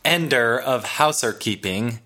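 A man's voice: medium pitch, lively intonation, measured pace, bright, forceful tone. A man co-hosting a podcast in a playful, rambling casual chat. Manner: playful, rambling, with restarts and jokes. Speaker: podcast co-host.

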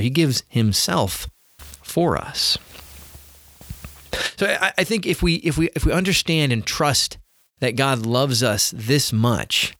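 A man's voice: mid-range voice, a bit bright, no room sound, studio quality. A middle-aged man giving an earnest sermon-style teaching, often repeating words as he starts phrases. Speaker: teacher of faith.

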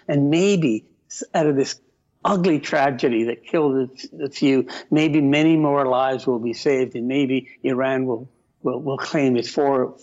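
An older Canadian man talking as a guest commentator, impassioned and halting, often repeating words. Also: on the high side, darkish tone. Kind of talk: phone-in interview. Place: remote from Ottawa. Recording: muffled lo-fi line.

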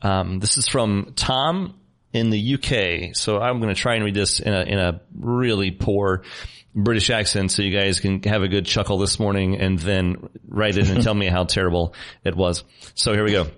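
A man hosting a podcast in a relaxed, joking way, with lots of fillers. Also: on the low side, normal speed. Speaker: podcast host. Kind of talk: casual podcast chat.

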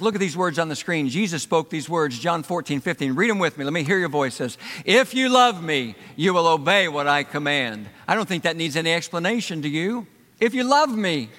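A man's voice: fairly high pitch, fairly bright tone. A pastor preaching a sermon to his congregation, emphatic, letting his voice swell and drop for effect. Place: church hall. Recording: reverberant church hall.

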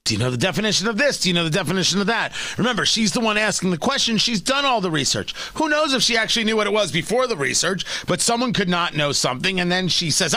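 A talk radio host delivers emphatic, sarcastic commentary in a high, bright voice. His pitch swings widely, and the studio sound is close and dry. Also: big pitch swings, fast, few pauses, no room sound.

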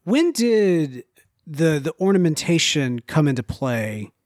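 A man with a high voice speaks in a jokey, playful way, full of silly asides. The sound is dry and close to the mic. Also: big pitch swings, takes it slowly, darkish tone, no echo. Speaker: podcast co-host. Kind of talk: casual podcast chat.

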